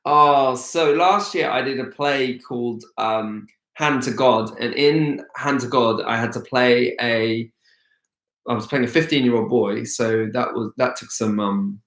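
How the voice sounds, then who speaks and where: A man's voice: medium pitch, a little slow, a bit bright, echoey room. A man hosting a casual live-stream Q&A as an actor, chatty and rambling with many hesitations. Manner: rambling, hesitant, full of ums.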